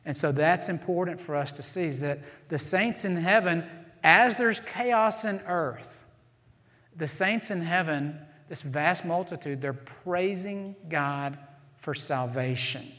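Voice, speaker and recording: A man's voice: on the high side, a bit bright. Man preaching in a reverberant hall. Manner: earnest, emphatic preaching with slow stressed phrases. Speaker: pastor. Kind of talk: sermon. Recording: long reverb of a large hall.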